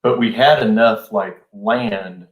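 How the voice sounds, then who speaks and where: Laid-back middle-aged man, low voice, roomy. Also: takes it slowly. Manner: laid-back, rambling with many fillers. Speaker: podcast host. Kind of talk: casual storytelling chat. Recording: roomy echo.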